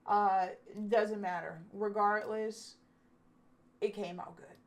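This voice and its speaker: A woman's voice: mid-range voice, steady tone, slow. A woman vlogger telling a candid storytime with lots of swearing, acting out what people said. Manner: candid, profane, acts out quotes. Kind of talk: casual storytime.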